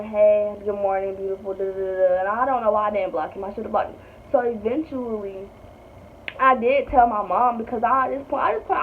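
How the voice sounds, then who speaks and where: A young woman, telling a story in a chatty, blunt way with lots of swearing. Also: a little high. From North Carolina. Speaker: vlogger. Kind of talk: casual storytime. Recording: tinny phone-like audio with faint hiss.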